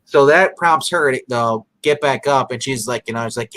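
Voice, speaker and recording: A man's voice: mid-range voice, lively intonation, fast talker, fairly bright tone, no room sound, rough recording. Rambling man recapping a show. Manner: rambling, many fillers, acts out characters' lines. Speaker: podcast co-host. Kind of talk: casual episode recap chat.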